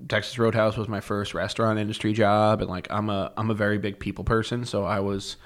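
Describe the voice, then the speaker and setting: A man's voice: lowish voice, fairly quick. A young man, a podcast guest, telling casual stories with lots of fillers and swearing. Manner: animated, profane, full of filler words. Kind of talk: casual storytelling.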